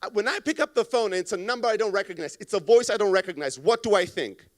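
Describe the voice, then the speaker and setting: Man in his 30s, conference keynote, fairly high voice, punchy and profane, acts out phone calls for laughs. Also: fast talker. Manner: blunt, profane, animated, acts out callers. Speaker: conference speaker. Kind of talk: energetic stage talk. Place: conference stage. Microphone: stage microphone.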